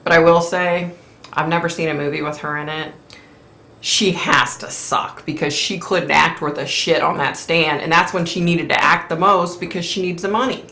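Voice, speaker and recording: A woman hosting a casual live-stream chat, chatty and opinionated, clearing her throat often as her voice wears out. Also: sits low, fairly even intonation, normal speed, sharp tone, reverberant. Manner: chatty, opinionated, frequent fillers. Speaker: host.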